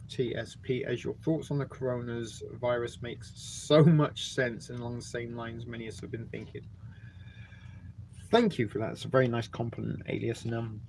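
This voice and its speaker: A man's voice: mid-range voice, darkish tone, a little hiss or hum. A middle-aged man with an English accent, casually hosting a live stream, reading out viewer comments and rambling between jokes and filler words while he eats. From England. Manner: rambling and jokey, with many ums, eating and burping between remarks. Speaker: livestream host.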